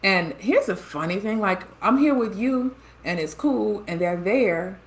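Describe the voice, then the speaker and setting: A woman actress, a guest on an interview show, telling stories in a lively way and acting out what people said. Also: mid-range voice, measured pace, low-quality recording. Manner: animated storyteller, acts out quotes. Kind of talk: casual interview chat.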